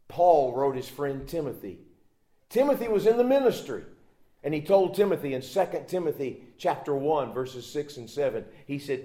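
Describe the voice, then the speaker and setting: A man's voice: mid-range voice, animated, moderate pace. Emphatic male preacher in an echoey room. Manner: emphatic preaching, swinging from loud exhortation to hushed asides. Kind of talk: sermon.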